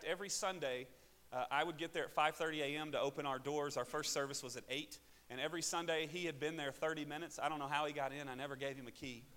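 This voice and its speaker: Bright-voiced Arkansas pastor preaching in a hall. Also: male voice, a little high. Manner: storytelling, swings between loud preaching and quiet asides. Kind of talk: sermon testimony. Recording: hall reverb.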